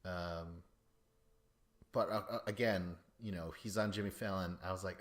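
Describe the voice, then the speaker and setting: A man with a somewhat low voice rambles through a casual podcast, swearing freely and getting excitable. He jumps between tangents and fills pauses with "like" and "you know.". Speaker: podcast host.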